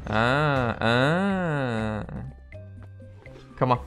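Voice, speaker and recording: A man's voice: medium pitch, animated, extremely slow, a bit bright, faint music behind. A man giving casual, reactive commentary while playing a video game, exclaiming and laughing at himself. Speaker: gameplay video host.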